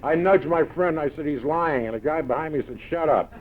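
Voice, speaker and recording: A man with a New York accent telling gruff, punchy stories to a meeting audience, full of quoted one-liners. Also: fairly high pitch, fairly quick, slight background noise. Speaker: recovery meeting speaker. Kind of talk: storytelling talk to an audience. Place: large event hall. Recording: tinny old 1970s tape recording.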